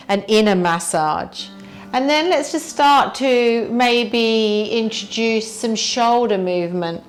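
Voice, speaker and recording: A woman teacher guiding a yoga warm-up, gently asking the listener what they feel in the body. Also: medium pitch. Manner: slow, gentle, inviting questions to the listener. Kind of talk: guided yoga class instruction.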